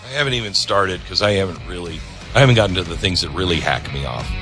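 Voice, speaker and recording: A man's voice: deep voice, expressive, quick pace, bright, forceful tone, faint music behind. Sarcastic ranting male talk host. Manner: sarcastic, mocking, fired-up ranting. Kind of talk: opinionated talk radio commentary.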